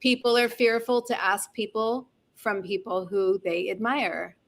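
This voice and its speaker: A woman's voice: mid-range voice, fairly even intonation, vocal fry, fairly bright tone. A woman chatting casually on a call as a guest, affirming and asking questions. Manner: affirming, quick interjections. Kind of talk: casual chat.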